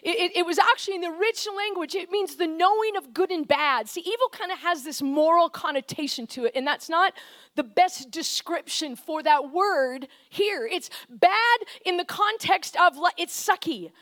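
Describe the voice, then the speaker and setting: A woman preaching a conversational, animated sermon, often shifting into quoted voices. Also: very high-pitched, moderate pace.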